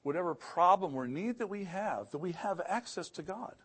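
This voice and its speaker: A man's voice: high voice, expressive, normal speed, fairly bright tone, breathy edge. A middle-aged man preaching a sermon in an earnest way, often repeating words, and rising in emphasis on key phrases. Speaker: pastor.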